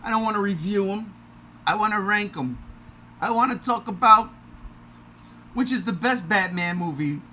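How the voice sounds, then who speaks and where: A man hosting a podcast livestream in a casual, energetic, self-mocking way. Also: high-pitched, moderate pace, long pauses, a little hiss or hum. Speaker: podcast host.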